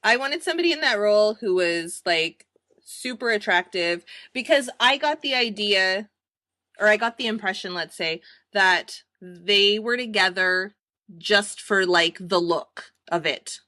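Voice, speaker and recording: A woman's voice: medium pitch, unhurried, bright, forceful tone, dry recording, clean studio sound. A woman co-hosting a casual podcast chat, talking freely and laughing often. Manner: chatty and giggly, laughs often. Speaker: podcast co-host.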